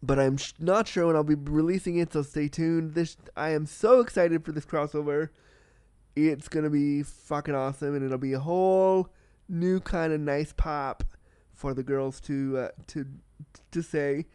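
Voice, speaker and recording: A man hosting a solo podcast in a casual, candid and excitable way, swearing freely and talking with a slight cold. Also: a little high, normal speed, clean tone, dry recording, clean studio sound. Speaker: podcast host.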